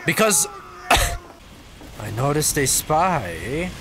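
A man giving jokey, playful let's-play commentary over his own gameplay, breaking into excited yelps. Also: fairly high pitch, very slow, pauses often, a little hiss or hum.

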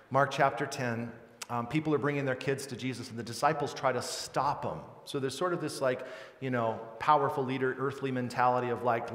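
Earnest pastor preaching in a reverberant hall. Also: male voice, medium pitch. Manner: earnest, conversational preaching with lively quoted voices. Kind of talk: sermon. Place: large church hall. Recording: roomy church hall with long reverb.

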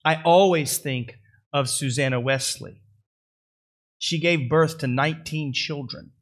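A male pastor preaching a sermon with folksy asides, building to loud, high-pitched swells at the climaxes. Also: a little slow.

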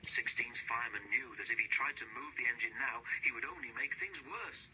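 Bright-voiced man reading a storybook. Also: medium pitch, fairly quick, a little hiss or hum, poor audio. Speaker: narrator.

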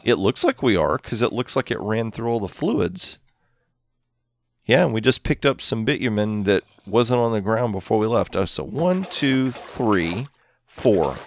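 Man, low voice, lively swings in tone, dry close desk mic at home; casual game host who muses aloud and counts under his breath. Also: a little slow, dry recording. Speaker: gameplay channel host. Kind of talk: casual gameplay commentary. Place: home room with his cat.

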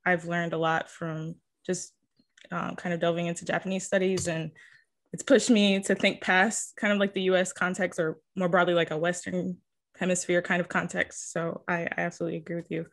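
A woman's voice: fairly low pitch, little pitch movement, brisk. A woman moderating a webinar discussion who speaks politely and hesitantly, with frequent fillers.

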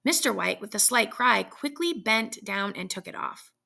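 A woman narrates a story aloud at a steady, plain pace. Her voice is strongly gravelly with a bright, forceful edge. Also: medium pitch, normal speed. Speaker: reader.

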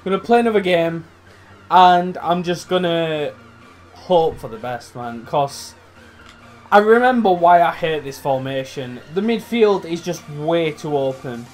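A young man commentating his own football video game, swearing, swinging between loud outbursts and low muttering. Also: lively intonation, unhurried, soft background music. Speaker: gaming YouTuber. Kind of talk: live gameplay commentary.

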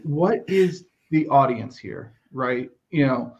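An American man co-hosting a podcast, talking in a measured, wry way and steering the chat. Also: mid-range voice, expressive, gravelly, darkish tone. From United States. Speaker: podcast co-host. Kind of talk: casual chat. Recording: slightly dull lo-fi sound.

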